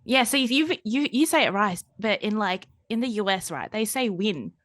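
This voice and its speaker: A woman's voice: on the high side, animated, normal speed, a bit bright, dry recording. Woman, podcast co-host, upbeat, dry sound. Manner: upbeat, welcoming. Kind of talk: podcast chat.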